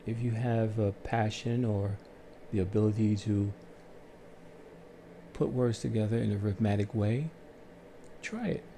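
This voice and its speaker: A man calmly telling his life story on his own channel, in a soothing, unhurried way with pauses. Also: on the low side, vocal fry, a little hiss or hum. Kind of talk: slow reflective storytelling.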